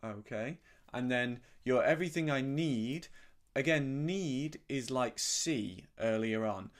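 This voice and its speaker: A middle-aged man teaching a harmonica lesson in a relaxed, gentle, explanatory way, sometimes humming syllables to show a sound. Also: mid-range voice, takes it slowly. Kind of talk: relaxed spoken music lesson.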